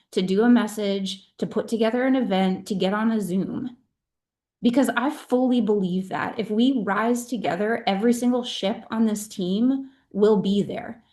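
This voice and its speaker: A woman's voice: fairly high pitch, a little mellow. A middle-aged woman leading her sales team on a video call, speaking in an earnest, emphatic and heartfelt way. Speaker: direct-sales team leader.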